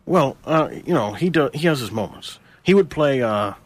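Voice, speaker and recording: A man's voice: mid-range voice, animated, normal speed, dry recording. A man as a guest on a radio show, stammering and rambling through his answers. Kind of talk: hesitant comedic interview.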